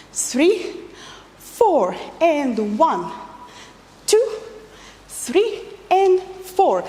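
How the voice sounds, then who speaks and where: High, lively woman teaching dance. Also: long reverb tail. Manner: counts beats and repeats cues rhythmically. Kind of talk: dance lesson instruction with counting.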